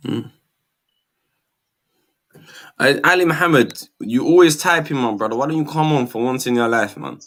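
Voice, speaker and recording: A man's voice: medium pitch, moderate pace, pauses often, fairly bright tone. A man hosting an open mic chat, teasing speakers with joking banter and inviting people to speak. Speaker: host. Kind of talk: casual chat.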